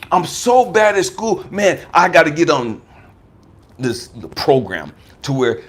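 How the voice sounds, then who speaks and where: Husky American life coach in his fifties, slightly high pitched, blunt and profane testimony delivery. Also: a bit bright. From United States. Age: 50s. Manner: emphatic and profane, swinging from raised outbursts to low murmurs. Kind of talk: personal testimony talk.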